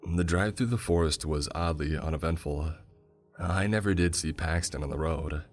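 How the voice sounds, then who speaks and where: A man narrating a first-person horror story in a measured storytelling manner. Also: a bass voice, faint music behind.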